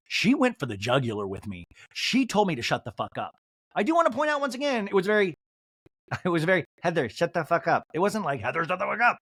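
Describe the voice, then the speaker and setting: A man hosts a comedic recap podcast and leaps between his own voice and playful impressions of the cast. His pitch swings widely and sits a little high for a man. The sound is dry and close, with no room around it. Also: dry recording. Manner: acts out each cast member's lines in put-on voices. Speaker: podcast host. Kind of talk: comedic reality-show recap.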